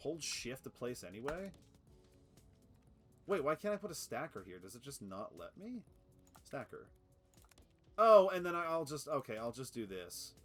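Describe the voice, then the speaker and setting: A man streaming a factory game live, excitable and swearing, laughing often and cooing at his cat. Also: mid-range voice, normal speed, long pauses, faint music behind. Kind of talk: live gameplay commentary.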